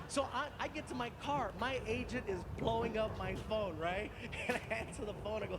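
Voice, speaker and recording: A male stand-up comedian telling a long story, animated and acting out every voice. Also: high voice, brisk, few pauses. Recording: noisy live stand-up recording.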